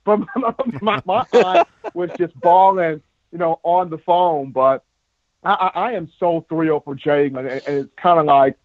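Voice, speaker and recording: A man co-hosting a sports podcast, telling animated stories in casual talk and repeating words as he goes. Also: fairly high pitch, normal speed, no echo. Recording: muffled lo-fi dry sound.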